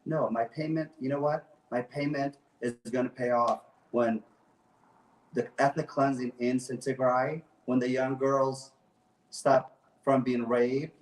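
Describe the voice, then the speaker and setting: A man's voice: mid-range voice, little pitch movement, unhurried. Brief: impassioned male guest, emphatic repeats, roomy sound from a distance. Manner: passionate, emphatic, repeats phrases. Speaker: guest activist. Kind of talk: impassioned talk show speech.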